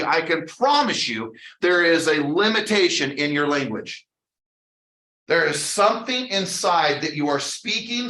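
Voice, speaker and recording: A man's voice: a little high, bright, forceful tone, reverberant, rough recording. A man leading a sales training session, speaking in an earnest, emphatic way with preacher-like repetition. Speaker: real estate sales trainer. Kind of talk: motivational training talk.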